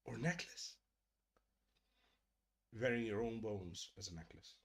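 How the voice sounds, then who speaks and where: A man's voice: lowish voice, takes it slowly, creaky, slightly rough. Casual, profane male streamer. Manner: profane, joking, addresses chat directly; drops to soft murmurs talking to his cat. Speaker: streamer hosting a creator hangout. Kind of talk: casual live-stream chat.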